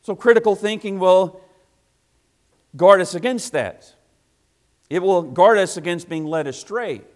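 A man preaching a sermon to a congregation, emphatic and repetitive, swinging between loud passages and hushed asides. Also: high-pitched, unhurried.

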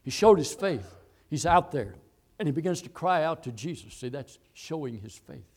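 Preacher guy reading bible verses, repeats lines, goes from loud n high to low n hushed. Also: expressive, normal speed. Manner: rises to loud high-pitched exhortation, then drops low and quiet; reads and quotes scripture verses. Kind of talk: sermon.

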